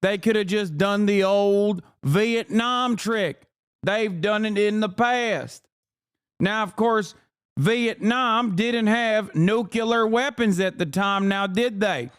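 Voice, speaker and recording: A man's voice: sits high, measured pace, clean tone. A male livestream host giving combative, sarcastic and profane reaction commentary.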